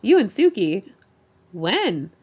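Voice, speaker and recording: A woman's voice: medium pitch, very animated, takes it slowly, a little mellow, breathy edge, heavily acted. A woman doing a cheeky, randy young space pirate.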